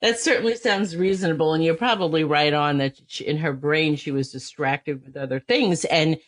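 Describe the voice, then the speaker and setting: A woman with a somewhat low voice leads a relaxed interview, chiming in with reactions and laughter. She sounds close and dry on the microphone. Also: normal speed, dry recording. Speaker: podcast host, lactation consultant. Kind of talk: casual interview chat.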